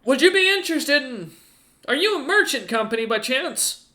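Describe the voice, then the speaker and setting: A man's voice: extremely high pitch, big pitch swings, normal speed, pushed and bright, pitched above the performer's own voice, exaggerated voice. A man voicing a large, polite male ogre adventurer who speaks hesitantly and asks lots of questions. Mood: apologetic.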